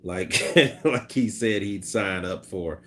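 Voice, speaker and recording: This low-voiced man, speaking slowly with a slightly bright tone, runs a casual boxing stream where he reads the chat and talks loosely, cursing and laughing. He acts out punch noises and repeats what people said in exaggerated voices.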